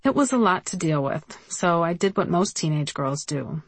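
A woman reads her memoir aloud in a wry, conversational storytelling manner. Her voice sits fairly low. The recording is dry and close, with no room sound. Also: expressive, normal speed, slightly rough, no echo. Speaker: memoir narrator. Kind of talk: audiobook memoir reading.

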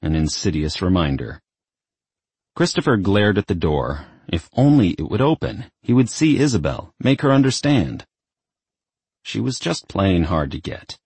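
A man narrating an audiobook with expressive storytelling. His voice is very deep and husky, with a lively rise and fall, recorded dry and close. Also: unhurried, no echo.

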